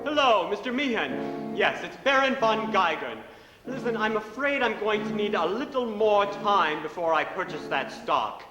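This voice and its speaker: An actor in a stage musical playing a suave, broke baron who talks with an unhurried, smooth charm. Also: male voice, sits high, expressive, loud music behind the voice. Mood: tense. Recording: echoey theatre hall with orchestra.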